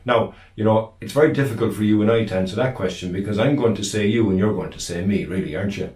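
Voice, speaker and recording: A man with an Irish accent co-hosting a podcast, reading listener questions in a relaxed, modest way. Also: lowish voice, fast talker, slight background noise. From Ireland. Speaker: podcast co-host. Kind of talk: casual chat. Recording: roomy, distant from the mic.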